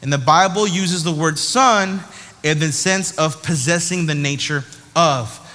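A man giving a sermon in a lively, conversational way, often tossing in "right?" to his listeners. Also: on the high side, a little slow, soft background music. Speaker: preacher. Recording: long hall reverb.

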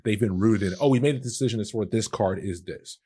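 A man co-hosting a podcast, talking in a relaxed, rambling way with lots of fillers. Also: on the low side, quick pace, breathy edge. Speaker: podcast co-host. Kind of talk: casual podcast chat.

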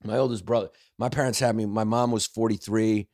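Joking comedian guest from Brooklyn. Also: male voice, on the low side, fairly even intonation, darkish tone, no echo, studio quality. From Brooklyn, New York. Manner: quick, joking storyteller, swears freely. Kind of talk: casual podcast chat.

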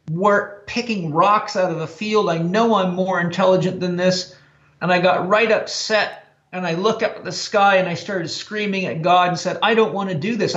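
Male interview guest, high voice, earnest reflective storyteller, roomy dull-sounding recording. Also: fairly bright tone. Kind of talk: personal life story in conversation. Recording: echoey, slightly dull recording.

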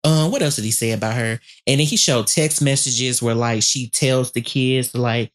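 A woman's voice: very deep voice, moderate pace, few pauses. A woman co-hosting a podcast, recapping gossip in a sassy, profane way while talking around a dental retainer. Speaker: podcast co-host.

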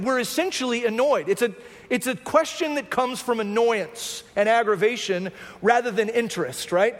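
A man preaches a sermon in a relaxed, conversational teaching style, often checking in with the congregation. His voice sits very high for a man. The sound carries the long reverb of a large church sanctuary. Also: normal speed. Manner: conversational teaching, frequent "right?" asides. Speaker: pastor.

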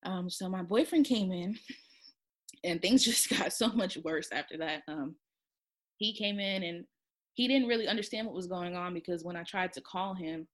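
A woman recounts a personal experience in a quiet, soft-spoken voice that sits a little low. Her telling is halting, full of pauses and restarts. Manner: halting, with many fillers and restarts. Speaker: storyteller. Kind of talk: personal storytelling.

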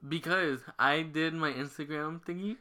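A man's voice: fairly high pitch, moderate pace, bright, forceful tone. A man hosting a podcast in casual banter, laid-back and dry, teasing his guest and laughing often. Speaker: podcast host.

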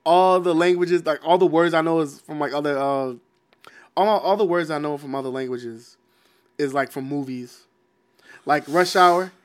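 A man, his voice a touch higher than most. He chats casually on a podcast into an uncovered studio mic. He rambles, swears and laughs between his points. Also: normal speed, clear, resonant tone. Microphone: studio mic without cover.

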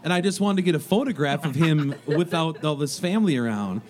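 Animated male radio host. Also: fairly high pitch, a little fast. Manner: animated, laughing storyteller. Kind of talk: casual storytelling chat.

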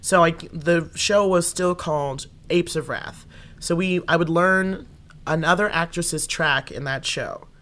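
Young woman improv comic, bright forceful voice, animated storyteller who slips into quoted voices. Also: on the low side, a little slow. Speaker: improv comedian and actor, interview guest. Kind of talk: casual interview storytelling.

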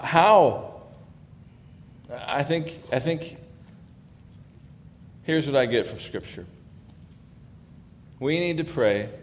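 Conversational male pastor in a reverberant hall. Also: medium pitch. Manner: conversational, drops to hushed tones on scripture. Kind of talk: sermon. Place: church sanctuary.

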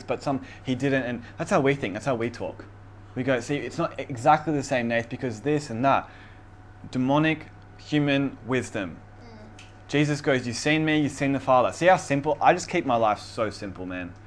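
A man preaching a casual sermon, who reads scripture aloud with emphasis and laughs often, over faint room noise. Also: mid-range voice. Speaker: pastor.

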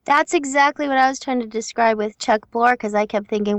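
A woman's voice: on the high side, fairly quick, no echo. A woman hosting a casual interview, chatty and reflective, with many fillers as she thinks aloud. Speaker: interview host and voiceover performer.

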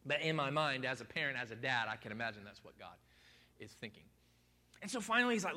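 A man preaching a sermon in a lively, folksy way, acting out the people in the story. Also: medium pitch, quick pace. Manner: animated, acts out quotes of people, folksy. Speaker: pastor. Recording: reverberant hall.

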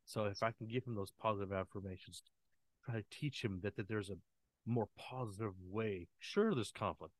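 A man's voice: lowish voice, moderate pace, dry recording. A man in his forties, a guest in a casual interview, talking earnestly and with feeling. He often acts out what he says to his kids. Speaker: podcast guest. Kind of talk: casual heartfelt interview conversation.

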